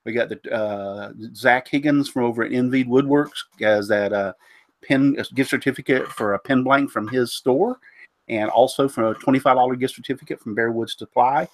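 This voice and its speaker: A man with a mid-range voice, congested from a cold, hosts a casual woodworking live stream at a moderate pace. He rambles, uses lots of fillers, and trips over names, with no room sound in the recording.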